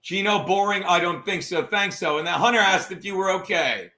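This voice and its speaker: Brief: male comedy podcast host, bright high voice, profane and mocking, roomy echo. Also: brisk. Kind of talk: casual comedic rant.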